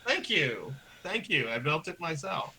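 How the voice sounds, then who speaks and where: Halting man playing a tabletop game. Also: a little high, sing-song, bright, forceful tone, poor audio. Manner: hesitant, restarts mid-sentence. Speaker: player. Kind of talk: tabletop role-play.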